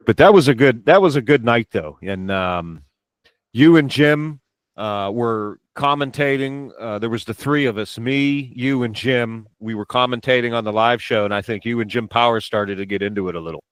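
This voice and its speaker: A man's voice: fairly low pitch, lively intonation, normal speed, no room sound. A man hosting a podcast, telling long rambling anecdotes in casual chat, with lots of restarts and asides. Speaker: podcast host.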